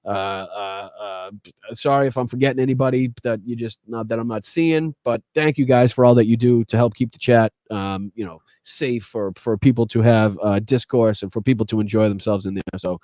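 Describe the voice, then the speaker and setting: Man, Boston accent, podcast host, casual and profane, warm relaxed tone, dry sound. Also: lowish voice, moderate pace, no echo. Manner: casual, profane, grateful, many fillers. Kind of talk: live stream chat shout-outs.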